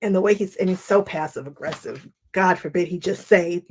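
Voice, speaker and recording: A woman's voice: fairly low pitch, a little slow, long pauses, a little hiss or hum. A woman hosting a quilting live stream, chatting casually and laughing often as she wanders off on tangents while cutting fabric at home. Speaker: quilting channel host. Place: home sewing space.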